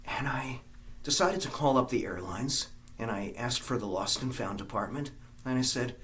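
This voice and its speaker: A man with a Scottish accent telling a comic story to his viewers, theatrical, breaking into sung snatches and swinging from loud to hushed. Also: medium pitch, animated, moderate pace, slight background noise. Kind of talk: comic monologue.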